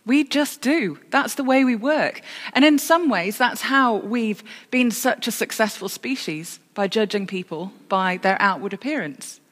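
A woman's voice: a little high, lively intonation, unhurried, few pauses. Woman preaching in a reverberant church. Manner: storytelling with self-corrections and dry humour. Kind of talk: sermon.

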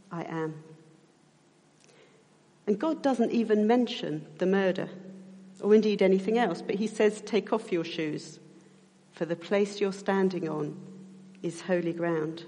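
A middle-aged woman preaching a sermon in a church. She speaks reflectively and slows down to stress key points. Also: fairly low pitch, dark tone. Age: middle-aged or older. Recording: church hall reverb.

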